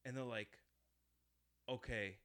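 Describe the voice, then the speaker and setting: A man's voice: medium pitch, slow pace. A man in casual chat, retelling a horror film scene by scene, acting out the lines and swearing freely. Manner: animated storyteller, acts out quotes, swears often.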